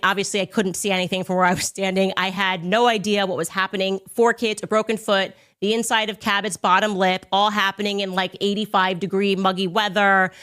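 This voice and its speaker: A woman in her thirties hosting a podcast, telling a story in a sarcastic, animated way. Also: mid-range voice. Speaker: podcast host. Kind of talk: storytelling monologue.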